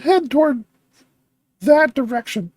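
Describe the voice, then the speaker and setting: A woman hosting a reaction video, thinking aloud with excitable chatter and frequent laughs. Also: high-pitched, unhurried, no echo.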